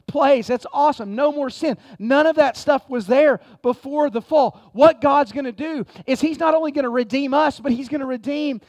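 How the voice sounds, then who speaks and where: A man's voice: very high voice, normal speed, few pauses, a little mellow, dry recording. A man pastor, preaching an impassioned sermon and reading scripture aloud in a church.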